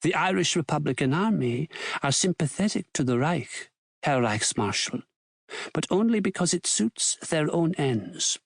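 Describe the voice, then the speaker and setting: A man's voice: a little high, expressive, unhurried, creaky, dry recording, studio quality, heavily acted. A man playing a wary, deferential German scholar. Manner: formal and careful, always adds a respectful title.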